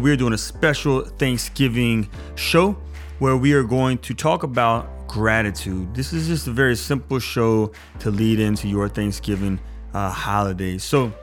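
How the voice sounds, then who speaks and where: Priest guy doing his podcast, casual and rambly, middle-pitched voice, a bit of music under it. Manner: casual, chatty, rambling asides; slow prayerful recitation. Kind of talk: podcast talk and prayer reading.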